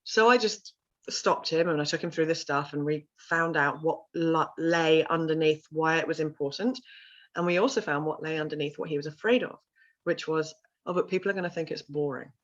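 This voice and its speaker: Lively storytelling woman, lower voice, dull lo-fi sound. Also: normal speed. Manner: animated storyteller, acts out voices in quotes. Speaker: vocal confidence coach and sound healer. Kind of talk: interview storytelling.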